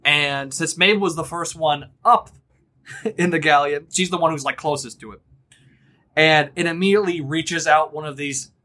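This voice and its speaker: A man narrating a tabletop game as game master, casual and unhurried. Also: a little high, bright, forceful tone. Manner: casual, unhurried, laughs easily.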